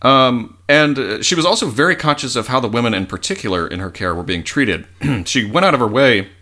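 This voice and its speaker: A man's voice: mid-range voice, a little fast. A man hosting a casual podcast, teasing his co-host and swearing often. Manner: animated, teasing, swears and laughs a lot.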